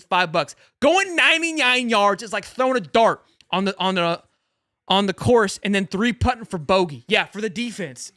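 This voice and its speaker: A man's voice: high voice, pushed and bright, no room sound, studio quality. A young man hosting a live sports stream, ranting in an exasperated, sarcastic way while reading viewer comments. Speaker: sports show host. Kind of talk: live-stream halftime rant reading super chats.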